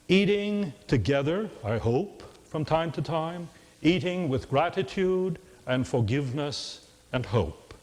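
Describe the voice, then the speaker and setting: Earnest pastor preaching in a reverberant church. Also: male voice, fairly high pitch, lively intonation, darkish tone. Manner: measured, earnest preaching with dry humor. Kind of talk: sermon. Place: church sanctuary. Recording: long hall reverb.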